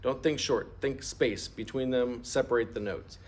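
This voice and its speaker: With a medium-pitched, slightly mellow voice at a moderate pace, a middle-aged man teaches an instrument lesson. He is patient, breaks everything down step by step, and asks students to say the terms aloud.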